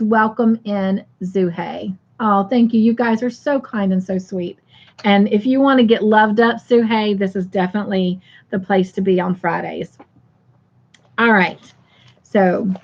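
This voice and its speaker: A woman hosts a relaxed livestream, talking at an unhurried pace and sounding affectionate as she chats with viewers. Her voice sits a little high. The stream audio is slightly muffled and lo-fi. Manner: warm, affectionate and chatty with viewers. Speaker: livestream host. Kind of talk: casual livestream chat, reading out viewer comments.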